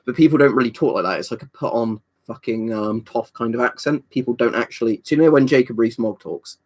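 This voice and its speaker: A man's voice: medium pitch, fairly quick, darkish tone. A young adult man from England chatting casually on a live stream, rambling, swearing freely and answering viewers' questions.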